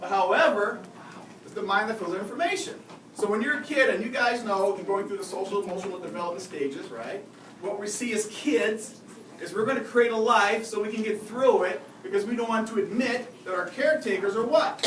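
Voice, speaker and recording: A man giving a live seminar on behavior, lively and often asking the audience questions. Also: sits high, a little fast, a crowd in the background. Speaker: behavior and communication expert giving a talk. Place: lecture room at a faculty club. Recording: roomy, distant mic with audible noise.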